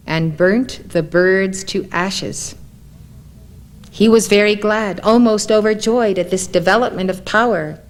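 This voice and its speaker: A woman narrating a spiritual story in a calm, measured reading voice. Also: medium pitch.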